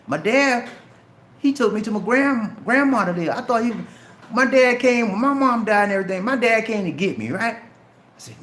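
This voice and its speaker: A man's voice: extremely high pitch, expressive, moderate pace, fairly bright tone, echoey room. A middle-aged man from Charleston, South Carolina, with a light Southern Geechee accent, casually answering viewer questions on a live stream and talking directly to viewers. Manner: chatty, addresses viewers directly as man and bro.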